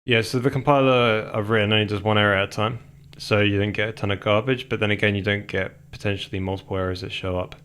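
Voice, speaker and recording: Low-voiced man rambling on stream. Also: steady tone, fast talker, a bit bright, clean tone. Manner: chatty and digressive, breaks off mid-phrase, mutters while coding. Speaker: live-coding streamer. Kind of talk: casual rambling stream chat.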